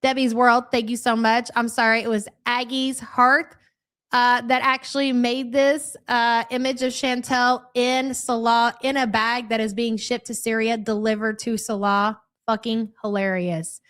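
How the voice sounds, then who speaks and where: A woman's voice: a little high, flat delivery, measured pace, fairly bright tone, smooth. A woman hosting a live reaction stream, speaking in a crude, mocking and chatty way as she reads out viewer comments. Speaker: livestream commentary host.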